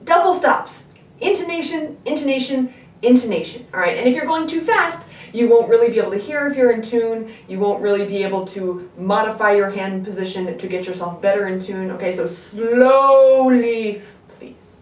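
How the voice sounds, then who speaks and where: A woman's voice: mid-range voice, fairly quick, hardly any pauses. Patient woman teaching, echoey room. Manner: patient, stops often to check in with the learner. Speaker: string teacher. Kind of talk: instructional music lesson. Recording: echoey room, distant mic. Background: her own instrument playing between phrases.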